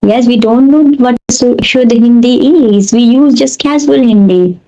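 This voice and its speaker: A woman's voice: a little high, measured pace, warm tone, muffled recording. A woman with an Indian accent, an English teacher, talking earnestly in a casual conversation and explaining with repeated examples.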